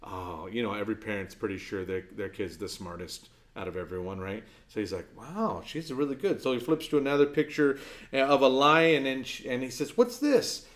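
A man preaching as pastor speaks a little fast, conversational and earnest. He tells stories and drops into a soft, low voice for his key points.

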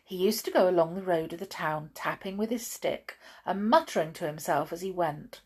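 A woman reading a children's story aloud, slow and expressive with hushed moments. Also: fairly low pitch, breathy edge.

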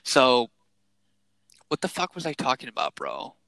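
A man's voice: medium pitch, huge pitch swings, a little slow, vocal fry, sharp tone, no echo, low-quality recording. A young man co-hosting a podcast, rambling in casual chat with lots of swearing and filler words. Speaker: podcast co-host.

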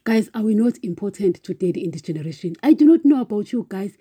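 A woman delivers an impassioned, informal devotional talk, circling back over her points and speaking straight to her listeners. Her voice is very dark and mellow with a husky edge, and the recording is close and dry. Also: mid-range voice, animated, quick pace, hardly any pauses, no echo. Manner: impassioned, repetitive, keeps calling listeners "guys". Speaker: podcast preacher.

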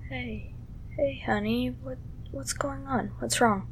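A woman's voice: high-pitched, fairly even intonation, takes it slowly, slight background noise, rough recording. A woman playing a worried, tender partner. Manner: soft, concerned.

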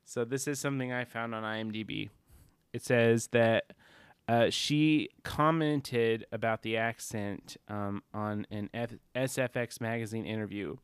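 Smooth-voiced rambling podcast man. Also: mid-range voice, fairly even intonation, measured pace, no room sound. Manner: rambling, swears casually, laughs mid-sentence. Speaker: podcast co-host. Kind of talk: casual chat.

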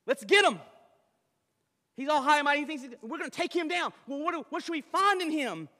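Preacher doing high, loud, sneering plotters in an echoing hall. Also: male voice, lively intonation, fairly quick, heavily acted. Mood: scheming. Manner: sneering, conspiratorial. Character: scheming jealous male court officials plotting. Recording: reverberant hall.

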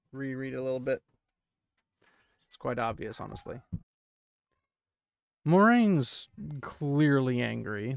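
A man's voice: medium pitch, creaky, smooth, no room sound. A man hosting a casual book recap podcast. He retells chapters with chatty, joking asides. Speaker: podcast host.

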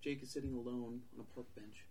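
A man's voice: medium pitch, brisk, slight background noise. A man hosting a podcast, eagerly retelling a comic book scene by scene and acting parts out. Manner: animated, acts out scenes. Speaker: podcast host.

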